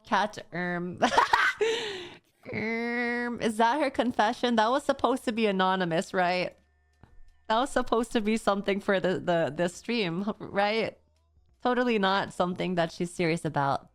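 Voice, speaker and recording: A woman streamer chatting casually and reading viewer confessions aloud, often stammering and swearing. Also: mid-range voice. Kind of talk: casual livestream chat, reading viewer messages.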